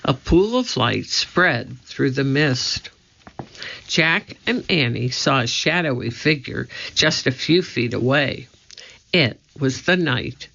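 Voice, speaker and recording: A woman reads a children's storybook aloud at a slow, measured pace. Her voice is bright and sharp, with a gravelly edge. The recording sounds slightly dull and lo-fi. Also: a bass voice. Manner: measured and deliberate. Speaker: audiobook reader.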